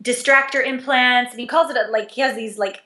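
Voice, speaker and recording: An intimacy coach appears as a guest in a laid-back interview, speaking in a fairly high voice at a fairly quick clip. She's lively and expressive, her pitch swinging widely as she laughingly acts out small bits of dialogue. The room is echoey, giving the audio a spacious sound.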